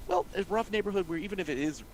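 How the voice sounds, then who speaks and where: A man with a lively, swinging voice chats casually and drops into playful jokes. He is a co-host on a relaxed discussion show. A murmur of voices hums in the background. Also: high voice, rapid-fire, crowd noise. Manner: playful, jumps into joking quoted voices. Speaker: podcast co-host. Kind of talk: casual chat.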